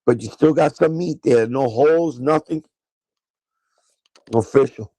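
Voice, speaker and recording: A middle-aged man with a New York accent, hosting a casual sneaker livestream with excitable, profane banter. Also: mid-range voice, measured pace, slightly rough, dry recording, low-quality recording.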